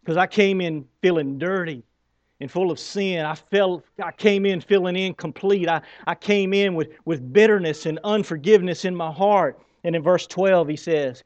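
A male pastor delivering a sermon in a conversational, emphatic way, stumbling over his words when he gets fired up. His voice sits a little high. The recording is dull and dry, with no sense of room. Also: normal speed, no echo.

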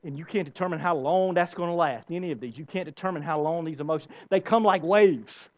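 A man's voice: high-pitched, darkish tone, muffled recording. A man preaching a sermon as pastor, emphatic, with rising bursts and repeated words.

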